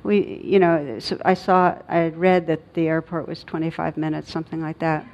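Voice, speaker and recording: Halting, reflective woman giving a dharma talk. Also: low-pitched, fairly even intonation, darkish tone. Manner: reflective, halting storytelling with many fillers. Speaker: meditation teacher. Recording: dull lo-fi recording.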